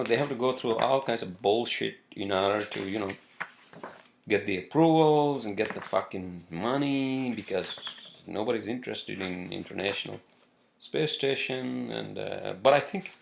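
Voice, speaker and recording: A man hosting a casual solo show, rambling and swearing freely with plenty of halting. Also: on the low side, gravelly, noisy background. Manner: rambling, profane, halting with fillers. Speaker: podcast host.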